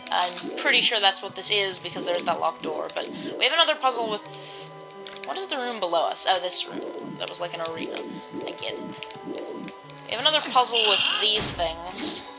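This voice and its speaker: A woman's voice: medium pitch, rough recording. A woman giving casual, rambling commentary while playing a video game, with many ums and restarts. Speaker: let's play host. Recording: game music in the background.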